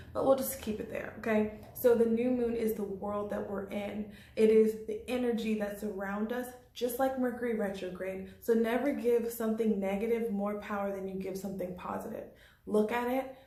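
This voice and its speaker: A woman's voice: mid-range voice, warm tone. Chatty woman in an echoey room. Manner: chatty, laughs often, says "like" and "okay?". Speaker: astrology channel host. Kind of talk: casual talk to camera.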